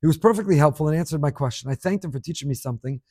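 A middle-aged man teaching a Torah class, reading listener emails aloud with animated, emphatic delivery and scattered Hebrew terms. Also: a little high, racing, slightly rough, no room sound, studio quality.

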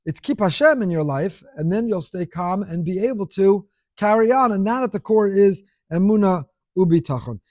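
Man preaching to a room, high pitch, dry close sound, lively and repetitive delivery. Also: no echo. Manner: animated, rhetorical questions, repeats phrases for emphasis. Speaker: rabbi giving a class. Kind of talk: sermon. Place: room with an audience.

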